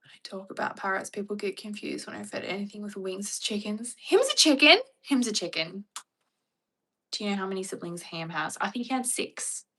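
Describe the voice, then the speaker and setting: A woman's voice: mid-range voice, fairly even intonation, fairly quick, few pauses, a bit bright. A young Australian woman chatting casually on a livestream with a wry, chatty manner. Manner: chatty, wry, mock-dramatic impressions.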